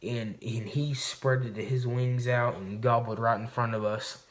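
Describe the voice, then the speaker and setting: A man's voice: medium pitch, steady tone, a little slow. A man vlogging to camera, telling a hunting story in a rambling, swearing, casual way. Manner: rambling and profane, recounting a hunt.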